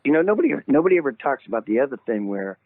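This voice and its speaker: An older man, a singer calling in as a guest, telling a story in an animated way, laughing often and jumping up high when he quotes himself. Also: rapid-fire, no echo. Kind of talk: casual phone interview storytelling. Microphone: phone call. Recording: tinny phone line, dry.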